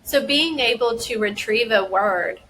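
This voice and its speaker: A woman who works as a school dyslexia specialist, giving a careful explanation and deliberately sounding out words and their parts. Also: on the high side, fairly bright tone, slight background noise, poor audio. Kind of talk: instructional explanation.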